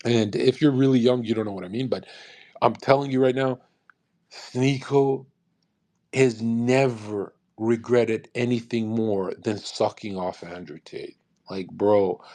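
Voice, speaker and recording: A man's voice: mid-range voice, darkish tone. A young man ranting on a live audio stream, profane and sarcastic, speeding up in bursts and laughing at his own jokes.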